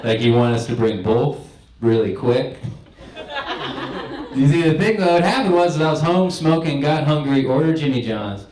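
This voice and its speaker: A man's voice: medium pitch, a little mellow, reverberant, low-quality recording. A young man doing a stand-up set in a comedy club, telling stories in a laid-back, rambling way. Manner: laid-back stoner storytelling.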